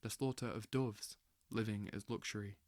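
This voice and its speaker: A man reading a literary novel aloud as an audiobook, slow and intense, with dramatic swells. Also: lowish voice, steady tone, no room sound, studio quality. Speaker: audiobook reader.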